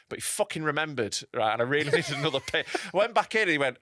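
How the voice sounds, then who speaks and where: A man's voice: fairly high pitch, very animated, rapid-fire, few pauses, sharp tone, no room sound. Man, comedy podcast host, swearing banter, dry close sound. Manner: swearing, storytelling, laughs often.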